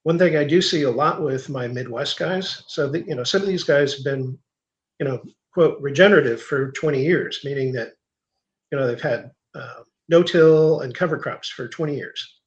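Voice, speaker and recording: Technical man on a dull lo-fi line. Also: on the high side. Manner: measured, thinks aloud with fillers and restarts. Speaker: guest, soil agronomist. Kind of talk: technical interview answer.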